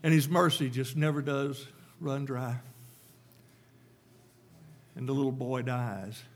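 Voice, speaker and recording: A man's voice: mid-range voice, steady tone, takes it slowly. A man preaching a sermon, emphatic and repetitive, with rhetorical questions to the congregation.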